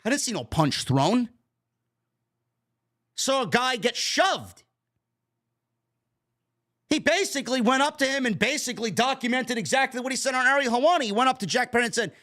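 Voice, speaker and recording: A man's voice: lively intonation, moderate pace, a bit bright. A man hosting a wrestling commentary stream, ranting with heavy profanity and mocking, exasperated sarcasm. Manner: mimics others in high sarcastic voices.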